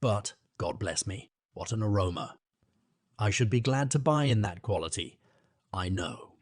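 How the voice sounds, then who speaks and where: A man's voice: on the low side, lively intonation, measured pace. A man voicing a gloomy, unhopeful old countrywoman. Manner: plaintive, anxious. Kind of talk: audiobook character reading.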